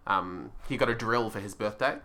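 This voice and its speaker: A man's voice: on the low side, normal speed, sharp tone. A young man co-hosting a podcast, chatting casually in a rambling, self-deprecating way with frequent laughs. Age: young adult. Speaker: podcast co-host. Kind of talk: casual chat.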